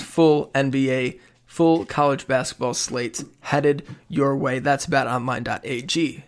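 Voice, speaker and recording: A man's voice: mid-range voice, clear, resonant tone. A man hosting a sports podcast, reading sponsor spots and chatting with a guest. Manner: upbeat, reads sponsor copy briskly. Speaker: podcast host. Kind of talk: casual sports podcast and ad reads.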